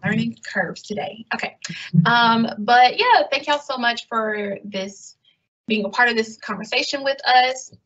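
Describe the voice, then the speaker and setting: A woman's voice: on the high side, unhurried, a bit bright. A woman with a Southern US accent speaking on a webinar panel over a video call, casual and friendly, saying like and y'all. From American South. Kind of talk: webinar discussion. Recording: dull lo-fi call audio.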